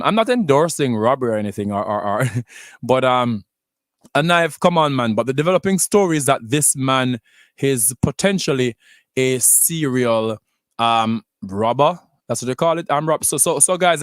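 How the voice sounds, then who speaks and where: A man's voice: mid-range voice, a bit bright, dry recording, clean studio sound. A man hosting a casual live-stream radio talk show, chatting directly to his listeners and inviting them to comment.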